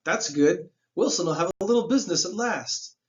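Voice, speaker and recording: A man's voice: high-pitched, animated, normal speed, lo-fi sound, pitched above the performer's own voice. A man reading aloud, voicing a brash, callous wealthy man who talks in an offhand, sarcastic way.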